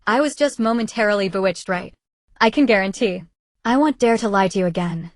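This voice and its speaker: A woman's voice: medium pitch, a little fast, dry recording, studio quality, natural voice. A woman voicing a reckless young woman who pleads and makes excuses to her best friend, in an audiobook. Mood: pleading.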